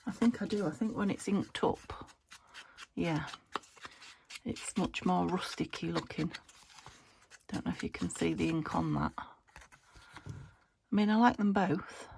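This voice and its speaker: A woman's voice: fairly low pitch, takes it slowly, vocal fry, long pauses, a little mellow, slight background noise. A woman vlogging about her crafts, chatting casually and thinking aloud as she works, sometimes half-whispering. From United Kingdom. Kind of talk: casual crafting chat to camera.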